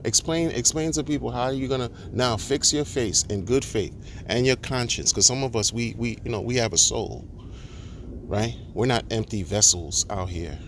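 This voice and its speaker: A man's voice: medium pitch, moderate pace, a little hiss or hum. A man ranting indignantly to camera, repeating himself and restarting words as he builds his case. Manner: indignant, repetitive, stammering restarts. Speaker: crypto commentator. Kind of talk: ranting monologue.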